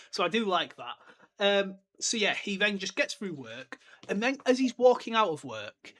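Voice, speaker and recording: An enthusiastic young man hosts his solo podcast, chatting casually and drifting off on tangents. His voice sits a little high and sounds bright and sharp. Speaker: podcast host.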